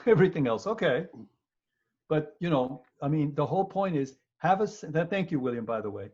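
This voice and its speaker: Male law professor for a webinar lecture: husky, fairly high voice, animated and joking. Muffled video-call audio. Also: fairly quick. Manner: animated, joking, repeats words, acts out people.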